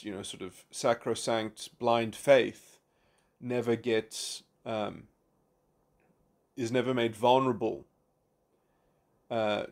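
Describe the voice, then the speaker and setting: A man giving an unscripted philosophical monologue, reflective and abstract, with frequent restarts, repeated words and fillers. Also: mid-range voice. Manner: halting, many restarts and fillers. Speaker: philosophy commentator.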